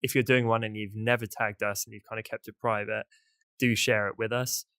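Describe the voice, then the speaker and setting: A man's voice: lowish voice, little pitch movement, fairly quick, a bit bright, dry recording. A British man from the UK hosting a podcast, chatting casually in loose, upbeat run-on sentences. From United Kingdom. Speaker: podcast host.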